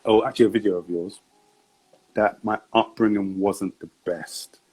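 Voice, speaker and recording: A male host runs a casual sit-down interview in a fairly low voice with a husky edge. He is relaxed and laughs often between questions. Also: moderate pace, poor audio.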